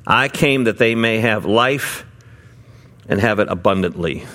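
A middle-aged man, a pastor, preaching a sermon in a relaxed conversational way, with many fillers and restarts as he tells a story. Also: fairly low pitch, a little slow.

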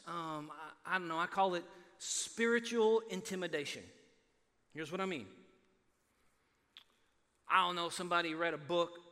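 A man from Texas preaching a sermon in a church hall, his high, bright voice carrying into a long reverb. He repeats words for emphasis and swings from loud declarations to hushed asides.

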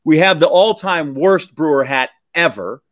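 A man with a slightly high voice co-hosting a relaxed chat. He jokes easily and answers with quick, short replies. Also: dry recording. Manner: easygoing, joking, quick back-channel replies. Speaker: co-host. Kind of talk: casual chat.

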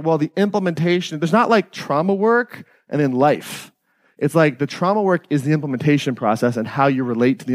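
A man's voice: a little high, dry recording, studio quality. Casual, profane man leading a workshop. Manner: casual, profane, asks the audience "right?" and "who follows?". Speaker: workshop leader. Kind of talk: live workshop talk. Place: live workshop venue.

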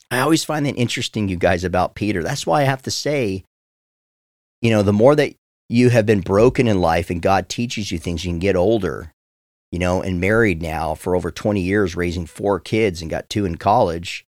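A man's voice: on the low side, lively intonation, moderate pace, a little mellow, no room sound, clean studio sound. A man in his forties, a pastor teaching the Bible on a podcast in an earnest, heartfelt way, often speaking straight to his listeners.

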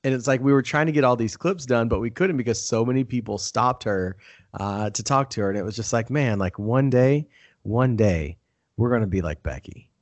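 A man in his thirties hosting a casual podcast, upbeat and full of "uh" fillers and shout-outs. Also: mid-range voice, moderate pace. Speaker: podcast host.

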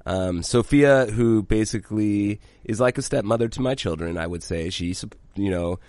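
A man's voice: lowish voice, normal speed, darkish tone, no room sound. A man co-hosting a casual podcast, blunt and swearing freely, rambling with frequent restarts. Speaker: podcast co-host. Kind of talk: casual chat.

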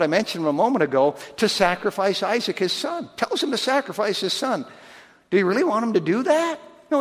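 Folksy preacher guy, high voice, acts out the bible characters, long echo in the hall. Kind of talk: sermon.

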